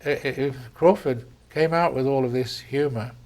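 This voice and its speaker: A man's voice: medium pitch, moderate pace, a little mellow. An older man with an English accent, a surgeon reminiscing in conversation, telling stories with frequent ums and restarts. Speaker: surgeon interviewee.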